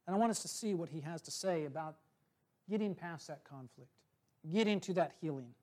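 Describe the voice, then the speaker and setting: A man preaching a sermon, telling a story and reading scripture in a slow, measured way with soft, dropping phrase ends. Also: on the high side, expressive.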